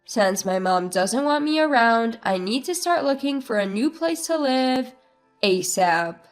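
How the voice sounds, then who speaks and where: A woman's voice: a little high, expressive, a little slow. A woman narrating a first-person story in a subdued, plaintive manner over faint music.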